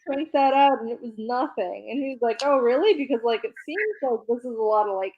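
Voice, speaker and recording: A woman with a fairly high voice, chatting casually as a podcast co-host and recapping a comic issue. She keeps slipping into quick acted quotes of the characters and laughs between them. The audio is slightly muffled and lo-fi. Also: a little hiss or hum. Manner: retells scenes by quoting characters in quick voices, laughs often. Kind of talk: casual chat.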